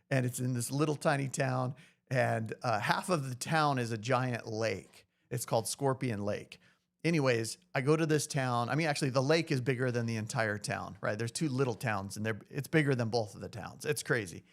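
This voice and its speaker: Gravelly, chatty man telling a story. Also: medium pitch. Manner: animated, chatty, says "dude" and "you know". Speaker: real estate agent, podcast guest. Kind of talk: casual storytelling.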